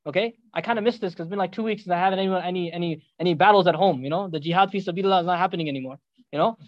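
A high-pitched man speaks quickly in an animated sermon, moving through the story with joking asides to his listeners. The recording is dull and lo-fi, with a dry sound. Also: dry recording. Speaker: preacher.

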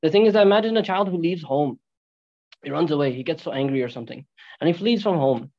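A man preaching a sermon in an animated storytelling way, asking rhetorical questions and using Arabic religious phrases. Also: fairly high pitch, fast, dull audio. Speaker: Islamic preacher.

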